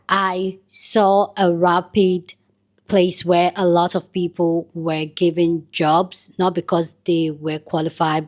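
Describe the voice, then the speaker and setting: A young woman with a Nigerian accent, talking casually to her viewers in a commentary vlog. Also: on the low side. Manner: chatty, addresses viewers directly. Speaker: vlogger.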